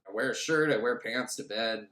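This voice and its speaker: A man recapping a film for laughs, crude and sarcastic, acting out the characters in shrill voices. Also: moderate pace, bright, forceful tone. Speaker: podcast host recapping a film. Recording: echoey room.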